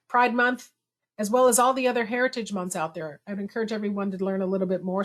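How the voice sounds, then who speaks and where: Woman webinar host on a video call, middle-pitched, chatty and self-deprecating. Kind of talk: conversational webinar talk.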